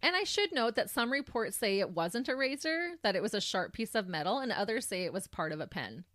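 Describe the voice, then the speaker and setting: A woman co-hosting a true crime podcast, walking through the case step by step. She sits at a mid pitch, and the recording is close and dry with no room sound. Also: a little fast, no room sound. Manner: tells the case in detail, animated when reacting. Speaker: podcast co-host.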